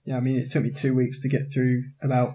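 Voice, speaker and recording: A man's voice: medium pitch, quick pace. A man co-hosting a podcast, chatting casually about books and films, laughing easily and trailing off while he thinks. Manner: relaxed, laughs often, trails off in thought. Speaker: podcast co-host.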